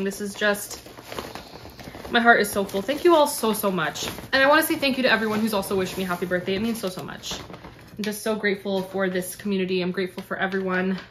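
A woman's voice: medium pitch, fairly bright tone, a little hiss or hum. Gushing young woman vlogging book gifts. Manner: gushing, effusive, repeats "so, so". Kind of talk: casual unboxing chat to camera.

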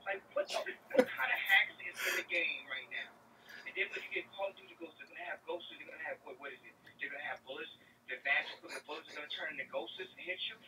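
High-voiced young man ranting loudly. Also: recorded from a distance, noisy background. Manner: loud, exaggerated, swearing, repeats himself. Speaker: gamer ranting to camera. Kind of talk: profane comedic rant.

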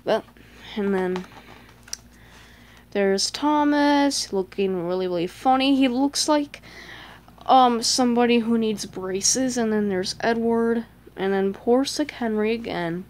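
A woman's voice: on the high side, slow, a little mellow. Chatty young-sounding woman flipping a book. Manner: chatty, lots of "like", gasps and little voices. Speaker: fan showing a picture book. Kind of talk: casual book flip-through commentary.

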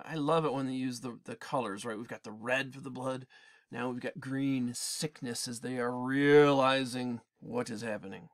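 A male teacher giving an animated, digressive literature lecture in class, with frequent restarts. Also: mid-range voice, moderate pace. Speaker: English teacher.

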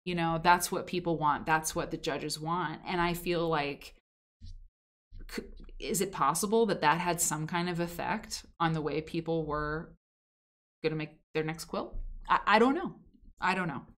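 A woman's voice: low-pitched, fairly even intonation, a little slow. A woman hosting a live quilting history stream, talking in a chatty, effusive way with many restarts. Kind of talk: casual live-stream chat.

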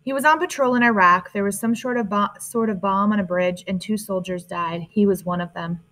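A woman's voice: mid-range voice, a little fast, fairly bright tone, close to an everyday voice. A woman reading the lines of a shaken teenage girl who is close to tears, in an audiobook. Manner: shaky, on the verge of tears.

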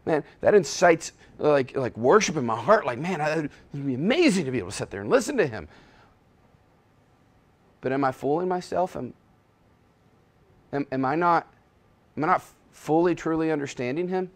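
A man preaching a sermon as pastor, swinging between hushed and loud, emphatic passages, often restarting his words. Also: on the high side, big pitch swings, moderate pace, long pauses. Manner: frequent self-restarts and repetitions.

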